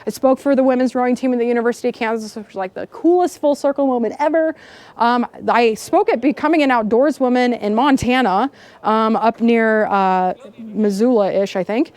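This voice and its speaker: Woman, 30s, high voice, dry sound, keynote storytelling, animated, laughs a lot. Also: a little fast, no room sound. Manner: animated, laughing, acts out dialogue. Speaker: keynote speaker. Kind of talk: storytelling speech. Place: outdoor camp gathering.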